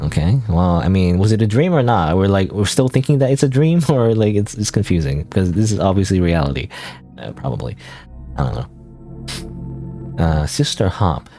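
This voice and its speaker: Self-mocking male streamer; lively pitch, mellow tone. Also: moderate pace, faint music behind. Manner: rambling, self-deprecating asides with laughs. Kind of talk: let's-play commentary.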